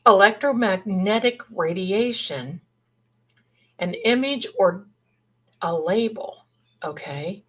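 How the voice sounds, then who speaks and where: Slow, husky-voiced woman chatting. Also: medium pitch, expressive, poor audio. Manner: rambling, chatty, thinks aloud. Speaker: livestream host. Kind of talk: casual livestream chat.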